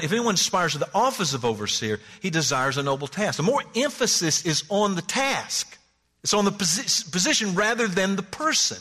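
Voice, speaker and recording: A male pastor preaching a sermon, animated, rising and dropping his voice and acting out the people he quotes. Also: sits high. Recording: long hall reverb.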